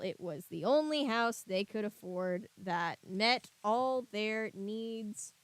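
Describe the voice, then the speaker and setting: A woman reading a children's mystery novel aloud, lifting her voice for the characters' lines and breaking off for chatty, joking asides. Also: medium pitch. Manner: reads dialogue brightly, chatty joking asides. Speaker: reader and commentator. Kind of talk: casual book read-aloud with asides.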